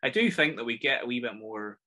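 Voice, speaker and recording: A Northern Irish man hosts a relaxed film review chat, talking in a chatty, rambling and enthusiastic way. His voice is bright and a little tense, sitting at a middling pitch. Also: fairly quick. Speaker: podcast host.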